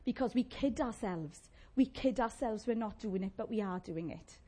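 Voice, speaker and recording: A woman preaching a sermon, animated and conversational, with playful asides to the congregation. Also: mid-range voice, normal speed.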